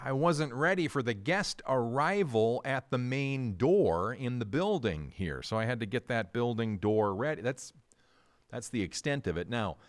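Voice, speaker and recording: A man's voice: medium pitch, measured pace. A man hosting a live local morning radio show from the studio, chatty and jokey, a little out of breath. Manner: chatty and lively, jokey asides. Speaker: radio host. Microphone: studio microphone with headphones.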